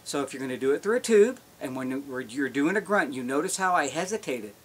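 A man's voice: on the high side, lively intonation, fairly quick, slightly rough. A man teaching how to make elk calls, explaining in a folksy, step-by-step way. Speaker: elk calling instructor. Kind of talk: instructional demonstration.

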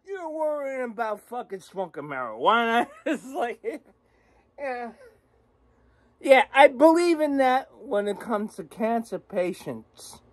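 High, slow-talking New woman, profane vlog ranter, mocking, cackling. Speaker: vlogger. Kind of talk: profane political rant.

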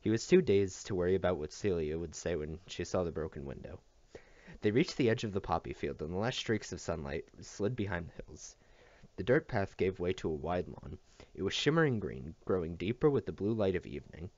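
A man reading a novel aloud as scripted narration, in an expressive storytelling manner. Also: low voice, fairly quick, dry recording. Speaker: audiobook reader. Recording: dull dry recording.

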